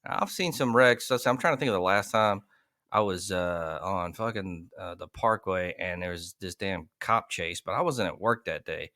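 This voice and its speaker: A man's voice: low-pitched, moderate pace, sharp tone, dry recording, clean studio sound. A man hosting a podcast, rambling and swearing in crude casual chat. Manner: profane, rambling, laughs a lot. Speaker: podcast host.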